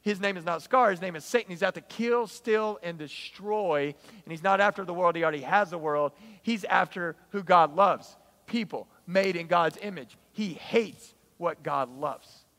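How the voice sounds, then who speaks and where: A man preaching a sermon in an animated, emphatic, storytelling way. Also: sits high, normal speed. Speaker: pastor.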